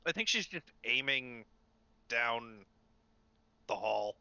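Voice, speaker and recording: Gravelly guy player, kinda unsure, tense tone. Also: mid-range voice, lively intonation, takes it slowly, pushed and bright, dry recording, muffled recording. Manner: hesitant, apologetic. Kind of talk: tabletop game play.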